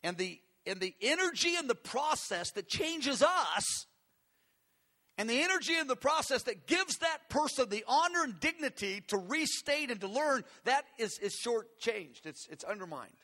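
A man's voice: very high voice, animated, normal speed, sharp tone. A man preaching a conversational, earnest sermon, asking his listeners questions as he teaches. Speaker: pastor.

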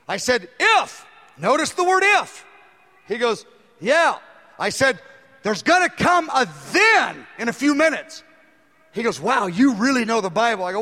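A man's voice: extremely high pitch, bright, forceful tone. A man preaching a sermon, telling a story and acting out the dialogue in it with animation. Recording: long hall reverb.

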